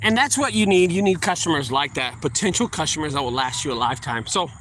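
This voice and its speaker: A man's voice: a little high, expressive, fast talker, fairly bright tone. Rambling middle-aged man, noisy recording. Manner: rambling and repetitive, acting out short quoted exchanges. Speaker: junk removal business owner giving advice. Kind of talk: casual advice monologue.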